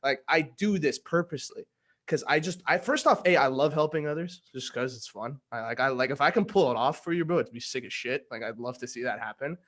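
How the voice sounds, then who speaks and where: A young man telling a story in casual conversation, slangy and animated, acting out what people said. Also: mid-range voice, a little fast. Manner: slangy, animated, acts out quoted dialogue. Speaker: guest giving a testimonial.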